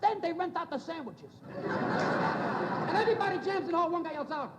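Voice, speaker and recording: A man's voice: extremely high pitch, animated. A male stand-up comedian telling a story with punchy timing and silly sound effects. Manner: brisk punchy joke delivery with sound effects. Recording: echoey hall with loud crowd laughter and noise. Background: crowd laughing.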